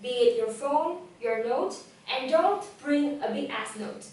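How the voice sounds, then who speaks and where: A young woman whose first language is Vietnamese speaks in a lively, direct coaching tone, her voice sitting a little high. She is picked up from some distance away, in a strongly echoing hall with a faint hum behind her. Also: unhurried. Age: young adult. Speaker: speaker giving a talk on public speaking. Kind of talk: motivational talk to a live audience. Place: event hall. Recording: echoey hall, voice from far off.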